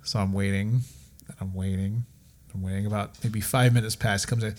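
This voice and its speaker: A man's voice: lowish voice, a little fast. A man who works as a doctor, hosting a podcast and telling patient stories with restarts and acted quotes. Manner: animated anecdotes with acted quotes, many restarts. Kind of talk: casual podcast chat, storytelling.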